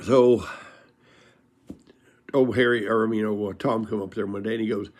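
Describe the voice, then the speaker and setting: A man's voice: lowish voice, fairly even intonation, moderate pace, a little mellow. An older man telling folksy stories from his life in a casual, rambling way, laughing as he goes. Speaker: storyteller. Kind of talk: casual storytelling.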